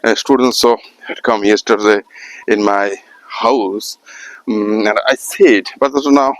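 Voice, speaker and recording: A man from Assam, an artist and art teacher who talks to the camera in halting English, with many pauses. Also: on the low side, fairly even intonation, rough recording. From Assam, India. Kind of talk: casual spoken talk to camera.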